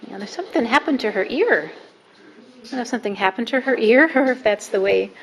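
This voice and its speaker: A woman's voice: on the high side, a little hiss or hum, poor audio. A woman filming her young son at home, narrating and coaxing him and a cat in a sing-song voice. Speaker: mother filming her child. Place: at home with a couch.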